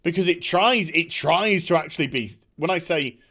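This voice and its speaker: A man's voice: fairly high pitch, normal speed, pushed and bright. A man ranting in a vlog, heated, scornful and profane. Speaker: online commentator. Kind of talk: angry rant vlog.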